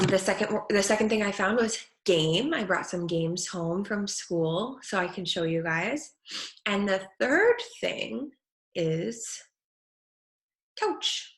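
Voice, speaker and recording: A woman speech therapist teaching children at home, saying each word slowly and clearly. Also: mid-range voice, fairly bright tone. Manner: slow, clear over-articulation of words. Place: her home kitchen. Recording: echoey room.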